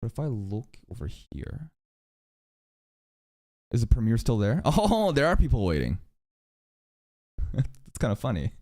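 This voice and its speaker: A man's voice: mid-range voice, sing-song, a little slow, pauses often, warm tone. A man hosting a casual reaction livestream, swearing freely as he jokes and chats with his viewers.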